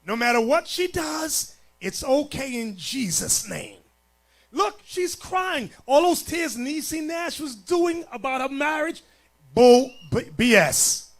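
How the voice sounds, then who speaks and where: A man preaching as a bishop, blunt and forceful, dropping to low mutters and rising to shouts. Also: lively intonation, takes it slowly, gravelly. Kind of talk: sermon.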